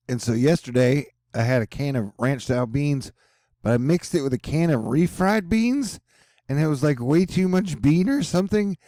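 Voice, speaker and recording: Man, weather forecast host, casual and rambling, jokey slang asides, mellow relaxed tone, dry close sound. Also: mid-range voice, no room sound. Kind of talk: casual weather forecast talk over a map.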